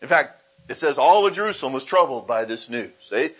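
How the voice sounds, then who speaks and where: A man's voice: mid-range voice, fairly quick, breathy edge. A man preaching a sermon as pastor, reading scripture aloud and explaining it, slipping into acted voices for the people in the story. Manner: animated, acts out quoted voices.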